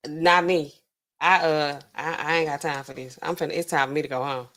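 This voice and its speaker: A woman's voice: low voice, steady tone, fairly quick, a bit bright. A woman hosting a live stream in a loose, slangy, rambling chat, laughing often and talking straight to her viewers.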